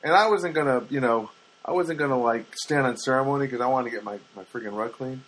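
A man's voice: mid-range voice, fast talker, a bit bright, rough recording. A middle-aged man hosting a podcast, telling a long, rambling, self-deprecating story full of fillers. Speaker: podcast host.

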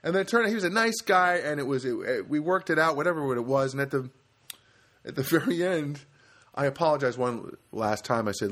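Rambling comedian from New Jersey. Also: male voice, fairly high pitch, a little fast. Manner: rambling, many restarts, animated asides. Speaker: comedian podcast host. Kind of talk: casual rambling monologue.

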